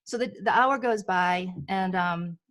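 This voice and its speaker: On a talk show, this American healer shares personal stories casually in a low-leaning voice that moves a little slowly. She gets animated, performing the voices of the people she quotes.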